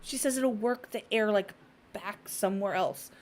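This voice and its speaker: Speaking at medium pitch and a moderate pace, this woman hosts a casual podcast. She tells a blunt, profane story and animatedly performs the quoted voices of its characters.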